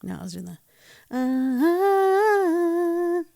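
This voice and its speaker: A woman's voice: lowish voice, little pitch movement, fast, gravelly, warm tone, breathy edge. A woman, the host's wife, speaking in a playful, sing-song way on a casual podcast segment.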